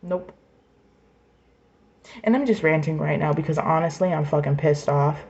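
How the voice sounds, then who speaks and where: A woman's voice: deep voice, moderate pace, darkish tone, muffled recording. A woman in her twenties venting in an emotional personal rant, angry, raw and profane, sometimes dropping to a whisper. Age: 20s. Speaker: vlogger.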